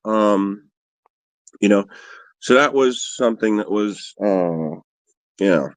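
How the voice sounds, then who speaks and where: A livestream host speaks slowly in a fairly low voice, with no echo. He tells rambling, profane stories that mock himself and answers viewers in casual chat.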